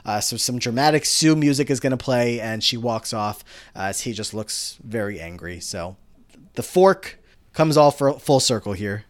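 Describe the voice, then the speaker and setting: A man's voice: mid-range voice, lively intonation, normal speed. Casual man recapping a TV episode. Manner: storytelling recap that quotes characters. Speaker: podcast co-host recapping episodes.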